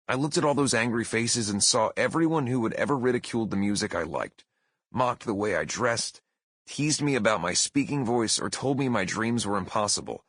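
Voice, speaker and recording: A man in his thirties reading his own memoir aloud as an audiobook, with expressive, emphatic storytelling. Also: on the low side, breathy edge, no echo. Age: 30s. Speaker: author narrating his memoir. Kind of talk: audiobook narration.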